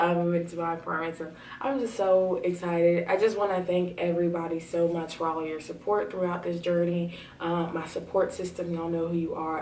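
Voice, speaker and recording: A young woman telling a personal story to her camera at home, chatty with many fillers and excitement. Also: lowish voice, a little hiss or hum. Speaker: vlogger. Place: home room. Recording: roomy, slightly distant camera audio.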